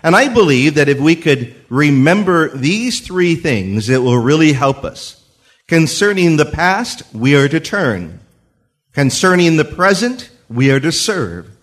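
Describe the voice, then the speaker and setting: An older man preaching a sermon in church, telling his own story in an animated way and acting out voices in the quotes. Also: on the high side, unhurried. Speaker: pastor. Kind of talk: sermon with personal testimony.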